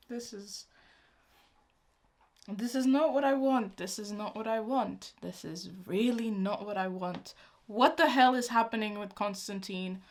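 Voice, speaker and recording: A woman's voice: a little high, fairly bright tone. A young woman hosting a reaction video, chatting casually and emotionally, talking back at the screen.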